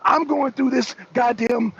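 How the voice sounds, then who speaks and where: A man's voice: extremely high pitch, fairly even intonation, measured pace, creaky, a bit bright, husky. A middle-aged American man hosting a political live stream, arguing with viewers in the chat and repeating his points. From United States. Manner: argumentative, addresses chat by name, repeats himself. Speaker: talk show host. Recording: dull lo-fi stream audio.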